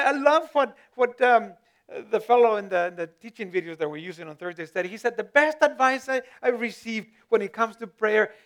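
A man's voice: extremely high pitch, fairly bright tone. A male pastor giving a conversational sermon, often repeating words as he searches for them and lifting his voice for emphasis.

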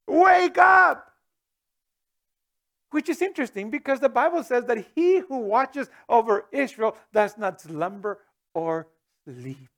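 A middle-aged man preaching a sermon in a high, light voice. He talks in an animated way, throws rhetorical questions at his listeners and breaks into sudden loud outbursts. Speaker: pastor.

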